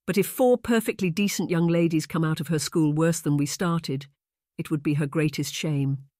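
A narrator voicing a composed, sharp-tongued young lady who speaks flat and measured. Read close and dry as an audiobook character. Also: medium pitch, dry recording, natural voice.

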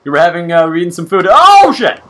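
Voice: medium pitch, very fast. A let's play host chatting casually and swearing freely while playing a game. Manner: profane, rambling, animated. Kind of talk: casual gaming chat.

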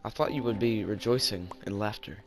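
A man's voice: fairly low pitch, fairly quick, music in the background. A man giving casual game commentary, chatting and talking back to the characters on screen. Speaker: gaming channel host.

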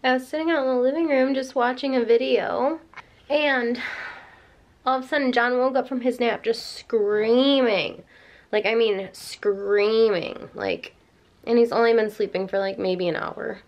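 Chatty young mom vlogging at home. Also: female voice, fairly high pitch, fairly even intonation, unhurried. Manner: chatty and rambling, many "like" fillers. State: tired and emotional. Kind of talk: casual home vlog. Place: home living room. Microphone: handheld camera.

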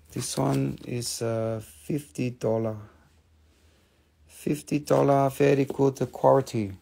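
A man putting on a gem seller who speaks in clipped, broken English while pitching stones. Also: gravelly, a little mellow. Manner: clipped, halting, broken phrasing.

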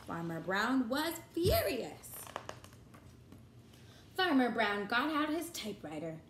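A woman teacher reading a children's picture book aloud in a sing-song, expressive way. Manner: sing-song, highly animated, slow and expressive. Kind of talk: storybook read-aloud for children. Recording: echoey room.

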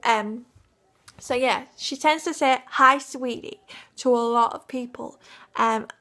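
A woman's voice: fairly high pitch, measured pace. A young woman from Hull with a Yorkshire accent, chatting in a giggly, rambling vlog. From Yorkshire, England. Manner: giggly and rambling, many fillers. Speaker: cosplayer and vlogger. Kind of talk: casual vlog chat.

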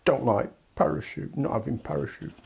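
Brief: man putting on a husky, whining brat of a country, stubborn and sulky, baby-talk refusals. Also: medium pitch, brisk, a little mellow, heavily acted. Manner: whiny, repetitive, broken baby talk.

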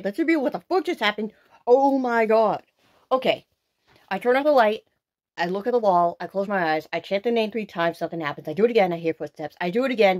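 Woman, vlog host, paranormal challenge, excitable, dramatic, swears freely, mid-pitched. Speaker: video host.

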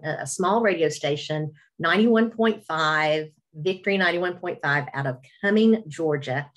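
Middle-aged woman w appalachian southern accent, kinda low voice, self-deprecating storyteller, faith talk, webinar call. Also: moderate pace, hardly any pauses. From Virginia, USA. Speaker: radio host, webinar speaker. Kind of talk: personal testimony talk. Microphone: webinar video call.

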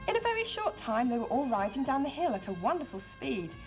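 A woman presenting a children's TV show, reading a storybook aloud and then showing a craft, in an expressive, friendly way. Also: high-pitched, fairly quick, faint music behind.

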